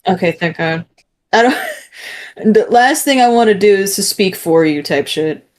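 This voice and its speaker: A woman's voice: mid-range voice, expressive, normal speed. A young woman co-hosting a casual livestream, playful and teasing, swearing casually. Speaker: co-host guest on a stream.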